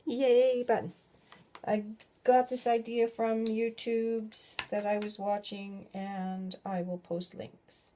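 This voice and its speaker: A woman's voice: mid-range voice, flat delivery, takes it slowly, mellow, slight background noise. A middle-aged woman hosting a casual craft video at home, chatting and rambling as she works and often breaking off mid-thought. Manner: chatty, rambling, self-interrupting. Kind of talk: casual craft tutorial chat.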